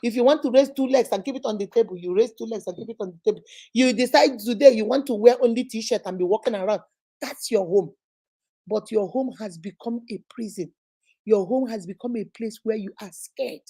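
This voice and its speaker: A woman's voice: a little high, fairly quick, dark tone. Emphatic woman giving advice. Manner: emphatic and preachy, acting out little scenes. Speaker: relationship talk host. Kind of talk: live advice talk to viewers.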